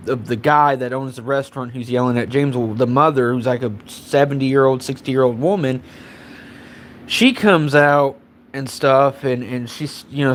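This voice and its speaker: A man's voice: medium pitch, a little hiss or hum. Rambling, profane man telling a story. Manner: rambling and profane, heavy on fillers. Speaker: live streamer. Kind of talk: casual storytelling.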